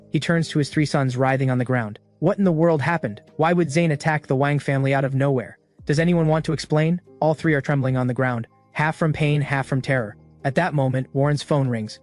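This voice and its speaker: A man narrating a comic recap in an even, dramatic storytelling voice. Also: medium pitch, a little fast, hardly any pauses. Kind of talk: scripted narration of a manhwa recap. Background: faint background music.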